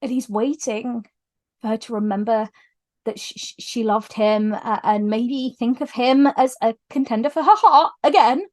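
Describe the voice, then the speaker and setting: High-voiced, emotional woman book reviewer. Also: normal speed. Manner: gushing and emotional, lively retelling; frequent restarts when moved. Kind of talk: casual book review vlog.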